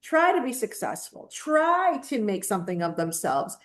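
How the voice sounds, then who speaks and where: A woman's voice: medium pitch, big pitch swings, moderate pace. A woman co-hosting a casual opinion chat, talking in a blunt, emphatic, indignant way. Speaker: podcast co-host.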